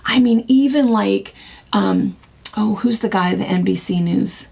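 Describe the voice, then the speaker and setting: A middle-aged woman co-hosting a casual chat, telling stories in a rambling, animated way. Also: mid-range voice, a little slow, vocal fry, husky. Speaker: co-host.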